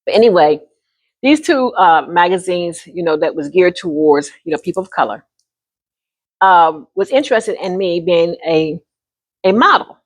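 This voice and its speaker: A woman in her sixties telling a personal story to camera in an animated, folksy way, often calling the listener honey. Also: on the low side, moderate pace. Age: 60s. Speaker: vlogger.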